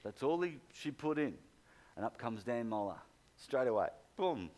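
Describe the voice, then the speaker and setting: A man delivering a sermon as a story. He tells it in an animated, conversational way and slips into the voices of the people in his tale. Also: mid-range voice, normal speed. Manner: animated anecdote, acts out quoted people. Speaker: preacher.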